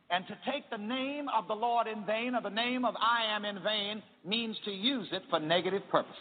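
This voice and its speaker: A man's voice: high voice, big-room sound, phone-quality sound, a little hiss or hum. A man preaching a sermon in call-and-response style, having the congregation repeat his lines.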